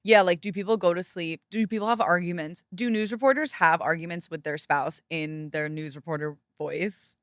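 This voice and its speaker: A young woman hosting a podcast, gushing and excitable with casual slang. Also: on the low side, moderate pace, few pauses, no echo, clean studio sound. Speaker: podcast host.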